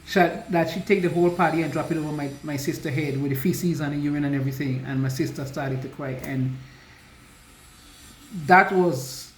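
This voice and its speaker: A woman recounts her own story in a halting way, stopping to restart her sentences and slowing down when it gets heavy. Her voice rings around an echoey room, with a faint hum behind it. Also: low-pitched. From US Virgin Islands. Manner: halting, with restarts and slow emotional stretches. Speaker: survivor sharing her story. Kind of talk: personal testimony.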